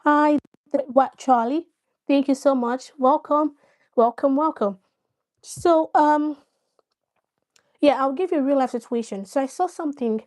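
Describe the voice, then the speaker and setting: Woman, high mellow voice, chatty live-stream host, explains with examples. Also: measured pace, pauses often. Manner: chatty, greets viewers by name, explains with examples. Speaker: live-stream host giving parenting advice. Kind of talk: casual live-stream talk.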